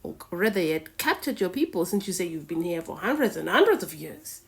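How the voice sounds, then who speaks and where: A woman's voice: on the low side, very animated, brisk, gravelly. Indignant woman lecturing in a reaction video. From Africa. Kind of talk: reaction commentary.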